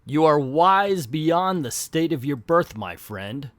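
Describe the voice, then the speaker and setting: A man voicing a ruthless, scarred male prince from a comic, speaking in a low, cold, formal way. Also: lively intonation, slow, a bit bright, no room sound.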